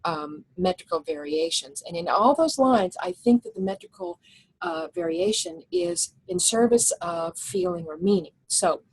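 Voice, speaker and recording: A woman's voice: medium pitch, big pitch swings, moderate pace, creaky, slightly rough, dry recording, low-quality recording. A woman teaching a recorded lecture over slides, explaining step by step with frequent fillers and restarts.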